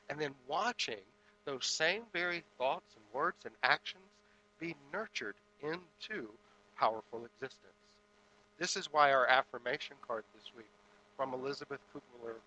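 A man giving a spiritual sermon in a measured, deliberate way, with pauses between phrases. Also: mid-range voice, pushed and bright, lo-fi sound. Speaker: spiritual speaker.

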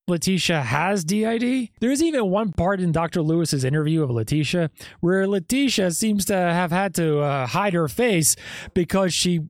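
A man's voice: sits high, expressive, moderate pace, dry recording, studio quality. A man hosting a podcast, giving skeptical true-crime commentary full of rhetorical questions. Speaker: podcast host.

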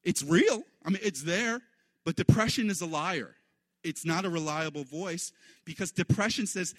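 Animated preaching man, dry sound. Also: fairly high pitch, moderate pace, no room sound. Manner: animated preaching, voice leaping up for quoted lines. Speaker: pastor. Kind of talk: sermon.

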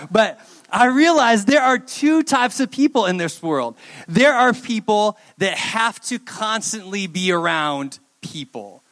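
A young adult man giving a youth sermon, telling a personal story in an animated way and acting out the dialogue. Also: high voice, measured pace. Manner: animated storyteller, acts out dialogue in quoted voices.

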